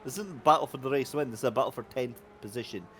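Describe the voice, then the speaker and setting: A man commentating a sim race, excitable and jokey as he banters with his co-host. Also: mid-range voice, racing, slight background noise.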